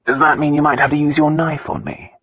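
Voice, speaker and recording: A man voicing a gruff, arrogant nobleman. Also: on the high side, level tone, brisk, fairly bright tone, dull audio. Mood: dry teasing. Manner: gruff, blunt, dryly teasing. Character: arrogant nobleman husband, gruff and dryly teasing. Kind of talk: audiobook dialogue.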